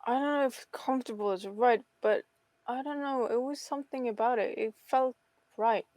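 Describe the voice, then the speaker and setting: A woman's voice: on the high side, normal speed, a little mellow, no echo. A woman playing a tabletop game, speaking in an unsure way as she searches for words. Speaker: player. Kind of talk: tabletop role-play chat.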